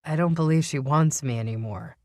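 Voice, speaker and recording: A woman's voice: low voice, brisk, darkish tone, no room sound, studio quality. A woman reading an audiobook, voicing a guilty, earnest male vampire police captain who speaks politely and apologetically. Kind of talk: audiobook character voice.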